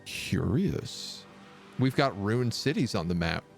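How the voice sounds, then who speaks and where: A Canadian man streams a strategy game live, chatting casually and reading viewer messages aloud before answering them. His gravelly voice is on the low side, takes things slowly, and makes big pitch swings. Soft background music plays.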